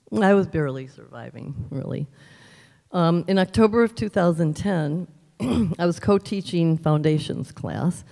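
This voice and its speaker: Woman, 50s, church testimony, earnest storyteller, warm mellow tone, reverberant sanctuary. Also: sits low. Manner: earnest storytelling, emphatic repetition. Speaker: church practitioner giving a testimony. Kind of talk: personal testimony at a church service.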